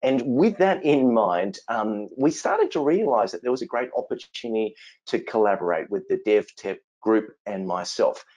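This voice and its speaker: A man's voice: lowish voice, animated, moderate pace, a little mellow, muffled recording. A man with an Australian accent presents a webinar in an upbeat, joking way. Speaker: webinar presenter, innovation consultant. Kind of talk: presentation with jokes.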